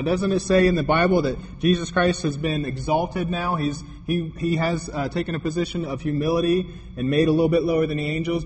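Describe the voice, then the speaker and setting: A man preaching a sermon, telling a story with quoted dialogue and building to emphatic points. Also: on the high side. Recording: long hall reverb, faint noise.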